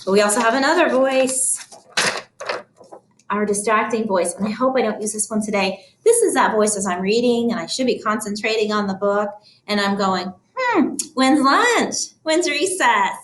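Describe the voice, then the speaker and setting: A woman teacher reading a picture book aloud to children, explaining each step clearly and deliberately. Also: medium pitch, roomy sound, a little hiss or hum. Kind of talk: read-aloud lesson for children.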